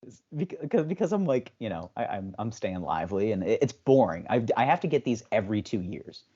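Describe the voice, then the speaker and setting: A young adult man co-hosting a podcast, telling a story in casual chat and jumping into high voices for the people he quotes. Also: sing-song, fairly quick, mellow, slightly rough. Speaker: podcast co-host. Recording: slightly dull, lo-fi sound.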